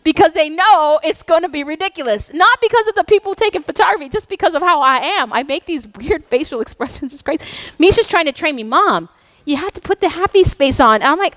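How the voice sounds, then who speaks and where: A middle-aged woman pastor delivers a sermon with intense, animated energy. Her voice sits high, and she drops into playful, self-mocking asides. The sound is dry and close, with little room around it. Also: fairly quick, no echo. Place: church sanctuary.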